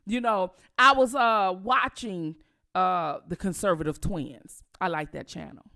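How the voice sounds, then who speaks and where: A woman's voice: on the low side, a little slow, gravelly, sharp tone. A woman from Detroit with a Detroit accent, hosting casual commentary, emphatic and outraged, repeating herself for effect. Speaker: commentary channel host.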